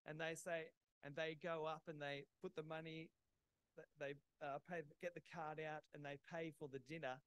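A man's voice: fairly high pitch, level tone, moderate pace, clean tone, no echo, low-quality recording. Man preaching a plain, dry-sounding sermon. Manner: plain, simple explanations with gentle laughs. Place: church.

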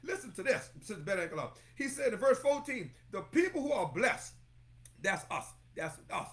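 A male pastor delivering a sermon with a high voice that swoops up and down constantly. He preaches fervently, repeats his key phrases and calls out to listeners by name. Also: very animated, moderate pace, fairly bright tone.

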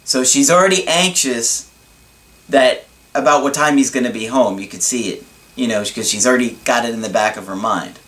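A man giving relationship advice as a coach in a video monologue, explaining in a deliberate, reassuring way. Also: medium pitch, a bit bright.

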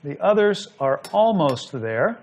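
A man's voice: on the high side, sing-song, slow pace. A man hosting a cooking show, explaining each step in an easy, instructive way while he works. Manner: explanatory, talks while working. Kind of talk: cooking demonstration.

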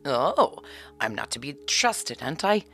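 A woman's voice: sits low, animated, sharp tone. A woman reading a storybook aloud and voicing a touchy, sneering little male leprechaun cobbler, with faint music behind her. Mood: indignant. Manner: sneering and quick to take offence.

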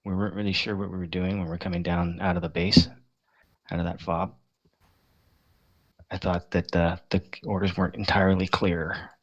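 A very low man with a gravelly, creaky voice, talking loosely and circling back to fix what he said. He is a game player chatting with his group, and the recording sounds dull and lo-fi. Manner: rambling, hesitant, self-correcting. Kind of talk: casual chat.

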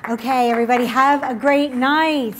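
High-voiced woman leading church prayer. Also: fairly even intonation, normal speed, a little hiss or hum. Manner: gentle, inviting, repeating "just". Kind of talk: sermon altar call and prayer. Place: church service.

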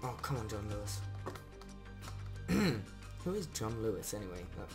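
A man chatting casually through a let's play, self-mocking and swearing when things go wrong, his voice a little rough today. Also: fairly low pitch, sing-song, normal speed. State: rough-sounding voice. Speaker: gamer doing a let's play. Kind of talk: casual game commentary. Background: faint background music.

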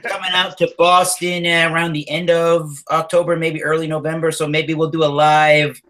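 Casting: quippy man on a group stream, bright, tense tone. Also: a little high, little pitch movement. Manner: quick quips. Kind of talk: casual group live stream chat. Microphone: online call.

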